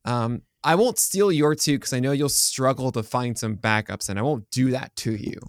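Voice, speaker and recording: A man co-hosting a podcast, chatting casually and joking, often trailing off into quieter asides. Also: mid-range voice, moderate pace, no echo, studio quality. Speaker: podcast co-host. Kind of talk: casual chat.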